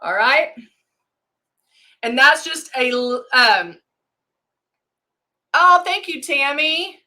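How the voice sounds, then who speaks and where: Bright-voiced woman rambling through a makeup demo, calling out viewers' names. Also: sits high, lively intonation, extremely slow. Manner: chatty, greets viewers by name mid-sentence. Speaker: makeup live stream host. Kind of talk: casual demo chat.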